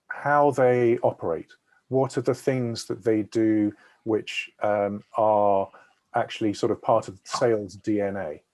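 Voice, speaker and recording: Speaking in a lowish, somewhat mellow voice, a man leads a webinar as a sales consultant via video call. His explanations run long, and he keeps checking in with listeners as he goes.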